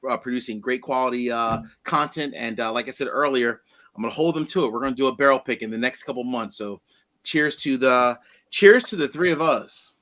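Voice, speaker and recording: Bright-voiced man hosting a whiskey tasting. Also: medium pitch. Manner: animated, exclaiming, laughing often. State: eyes watering. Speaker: host. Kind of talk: casual whiskey tasting chat.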